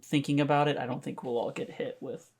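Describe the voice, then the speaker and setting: Young male player, mid-pitch, easygoing banter. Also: little pitch movement, a little fast, vocal fry, darkish tone, husky. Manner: casual, laughs often, swears. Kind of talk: casual tabletop chat.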